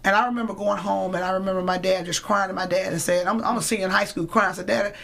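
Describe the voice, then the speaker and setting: A woman's voice: medium pitch, steady tone, rapid-fire, gravelly, crowd noise. A young woman telling a faith story as a talk show guest, repeating words as she goes. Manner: storytelling, repeats words, Southern church cadence. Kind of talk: faith talk, personal testimony.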